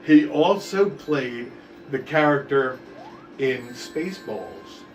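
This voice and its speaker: A man co-hosting a stream who tells stories in casual, animated chat, with a lot of swearing. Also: medium pitch, slow, faint music behind. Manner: profane, animated storyteller. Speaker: stream co-host. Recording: echoey room, distant mic, faint noise.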